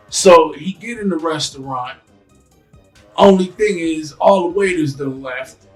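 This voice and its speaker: A man hosting a casual podcast, telling stories in a loose, animated way and acting out scenes in quick voices. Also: a little high, soft background music, low-quality recording. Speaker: podcast host. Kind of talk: casual chat.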